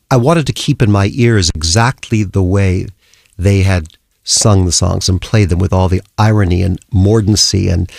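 Older man with a gravelly voice, dry studio sound. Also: sits low, no echo. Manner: thoughtful, storytelling, puts on voices in anecdotes. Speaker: conductor. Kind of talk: radio interview.

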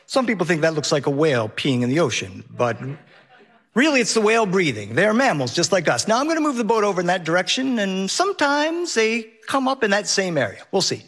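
A man's voice: sits high, big pitch swings, fairly quick, a bit bright, full character voice. A man voicing an easygoing, chatty female boat captain who explains things to passengers. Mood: informative. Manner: easygoing, informative.

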